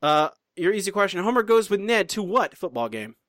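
A man's voice: high-pitched, big pitch swings, fairly quick, a bit bright, no room sound, studio quality. A man co-hosting a podcast in casual chat, teasing and self-deprecating as he runs a trivia game. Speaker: podcast co-host.

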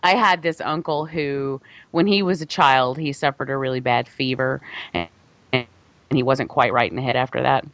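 A woman's voice: very deep voice, normal speed, fairly bright tone, no echo. A woman co-hosting a film podcast, talking casually and rambling, with frequent laughs and restarts. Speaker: podcast co-host. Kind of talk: casual chat about films.

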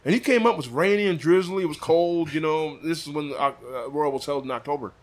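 Talking briskly in a voice on the high side, a Des Moines, Iowa barbecue pitmaster tells a story as a podcast guest, performing the quoted dialogue. The casual chat is recorded in a room above a butcher shop.

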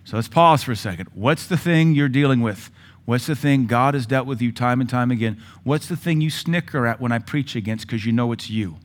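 A middle-aged male pastor preaching a sermon, with forceful rises in volume and sudden quiet drops. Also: mid-range voice, brisk.

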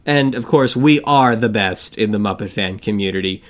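A man's voice: lowish voice, normal speed, a bit bright. Jokey man co-hosting a podcast. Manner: jokey, self-deprecating, rambling with fillers. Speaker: podcast co-host. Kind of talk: casual podcast banter.

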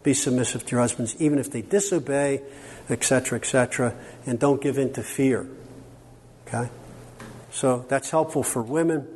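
Animated man teaching in a reverberant hall. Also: mid-range voice, normal speed, long pauses. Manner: animated and joking, quizzing the audience. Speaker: workshop speaker on biblical counseling. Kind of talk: teaching a workshop to a live audience. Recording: long hall reverb, faint background noise.

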